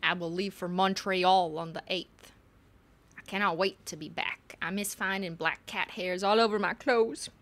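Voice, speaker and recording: Woman doing a bright-voiced young letter-writer with a Texan accent, reading aloud. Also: mid-range voice, fairly even intonation, moderate pace, close to an everyday voice. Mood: wistful. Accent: put-on Texan.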